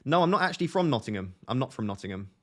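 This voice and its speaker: Chatty young man with a softened Essex accent. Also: medium pitch, very animated, racing. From Essex, England. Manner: chatty, laughs often, reads chat questions aloud. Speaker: fantasy football streamer. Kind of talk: casual live-stream chat.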